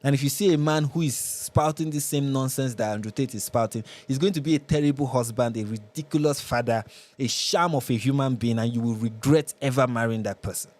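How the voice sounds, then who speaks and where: A man's voice: medium pitch, fairly quick, a little mellow. A Nigerian man hosting a live reaction show, commenting with sarcasm and exasperation.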